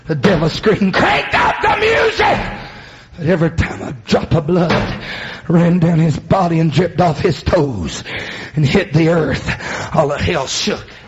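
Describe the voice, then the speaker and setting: A man preaching a sermon, building into loud shouted, chanted passages. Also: a little high, highs cut off, heavy background noise.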